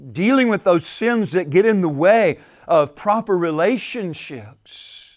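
A male pastor preaching a sermon at a men's retreat, repeating phrases and swinging between soft and loud for emphasis. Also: lively intonation, a little slow. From United States. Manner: repeats phrases, rises and falls in pitch and volume for emphasis.

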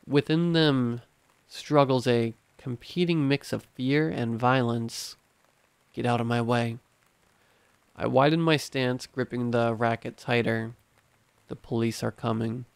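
A man reading horror stories aloud in measured, steady scripted narration. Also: mid-range voice, creaky, smooth, no echo.

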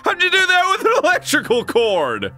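A man's voice: very high voice, wildly swooping pitch, moderate pace, pushed and bright, faint music behind. A man hosting a gaming video, giving let's play commentary with horrified exclamations and frequent laughter.

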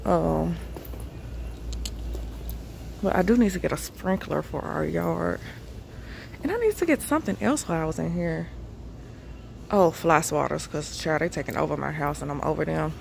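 A woman's voice: low-pitched, expressive, normal speed, vocal fry, pauses often, darkish tone, a little hiss or hum. A woman vlogger chatting casually to the camera in a rambling way, her voice still groggy from the morning. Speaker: vlogger, mom. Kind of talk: casual vlog chat.

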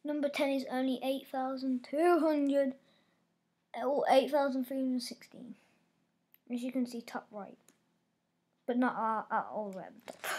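A woman giving live gameplay commentary, reacting aloud with frequent exclamations and dropping to soft mutters between outbursts. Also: high voice, steady tone, unhurried, pauses often. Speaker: gamer.

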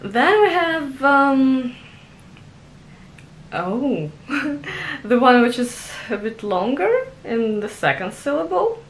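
Woman, young adult, slow casual vlog, self-conscious, giggly. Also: sits high, very animated, a little hiss or hum. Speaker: language vlogger.

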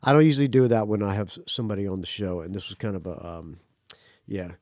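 A man's voice: lowish voice, expressive, fast talker, a little mellow, dry recording, clean studio sound. A man hosting a podcast in casual chat, rambling and teasing his guest. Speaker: podcast host.

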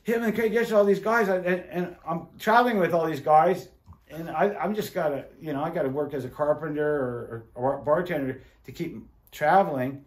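A middle-aged man and former windsurfer telling stories casually in an interview, animated and acting out quoted voices. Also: fairly high pitch, brisk. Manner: animated, swearing, acts out quotes.

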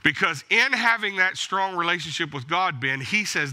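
A man's voice: sits high, animated, normal speed, hardly any pauses, sharp tone. A male pastor preaching a sermon in an emphatic, exhorting way, driving points home with blunt repeated commands. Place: church.

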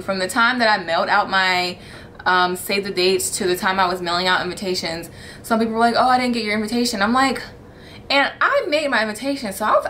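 A candid, chatty woman in her thirties vlogs in a casual tone. Her voice sits at an ordinary middle pitch, and a faint hiss of room ambience runs underneath. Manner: chatty and candid, laughing often, animated when exasperated. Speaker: vlogger. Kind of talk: casual wedding-planning vlog.

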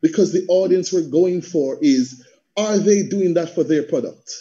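A Jamaican man in a panel discussion who jumps in and argues his point in an animated way. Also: a little high, moderate pace. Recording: dull lo-fi call audio.

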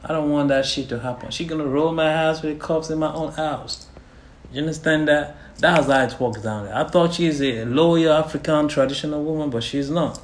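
A man's voice: on the high side, fairly quick, echoey room. A man, a guest on the show, talking bluntly and swearing. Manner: blunt, profane. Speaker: guest testing his girlfriend.

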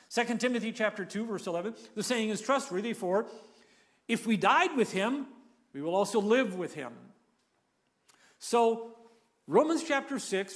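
A male preacher with a high voice that rises and falls widely as he delivers a sermon. He leans hard on key phrases, repeats them and has the listeners say them back with him. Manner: emphatic, repeats key phrases, leads the audience in repeating lines.

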